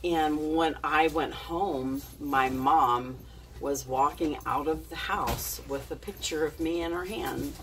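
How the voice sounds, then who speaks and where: A woman's voice: deep voice, slow pace, a bit bright, far from the mic, a little hiss or hum. A woman telling a casual story to her camera, chatty and giggly, with plenty of fillers and restarts. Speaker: vlogger.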